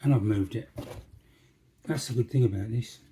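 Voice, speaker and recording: A warm, mid-range male voice at a moderate pace walks through a model-making task, with a little hiss or hum audible. The hobbyist keeps up a chatty patter with jokes, essentially talking to himself as he works on his model railway piece.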